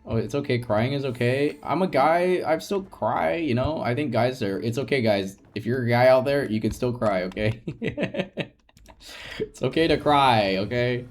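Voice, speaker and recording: Soft-spoken man rambling on a gaming stream. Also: medium pitch, expressive, moderate pace. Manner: rambling and soft-spoken, with frequent restarts and light laughs. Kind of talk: casual live-stream chat while gaming.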